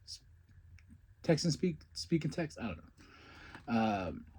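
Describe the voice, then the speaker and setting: A man hosting a podcast, recapping a wrestling show in a casual, excitable, rambling way and laughing often. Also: fairly high pitch, slow pace, husky. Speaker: podcast host.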